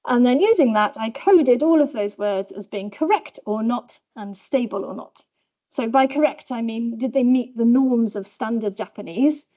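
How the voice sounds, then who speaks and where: A woman's voice: moderate pace, dark tone, muffled recording. Chatty Southern English woman lecturing. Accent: Southern British English. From south of England. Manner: chatty, self-deprecating, demonstrates pitch by example. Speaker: professor giving a lecture. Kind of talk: academic lecture. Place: lecture hall.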